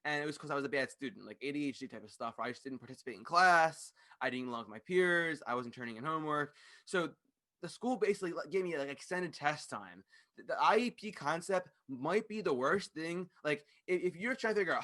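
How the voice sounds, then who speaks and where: A man hosting a podcast, ranting fast, loud and passionate into a studio microphone, swearing freely. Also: fairly high pitch, lively intonation. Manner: fast-talking. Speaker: podcast host. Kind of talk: ranting monologue.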